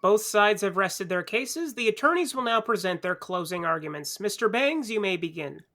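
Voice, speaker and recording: A man's voice: high-pitched, lively intonation, normal speed, bright, forceful tone. A man presiding as judge in a comedy podcast mock trial, speaking in a dry, procedural way.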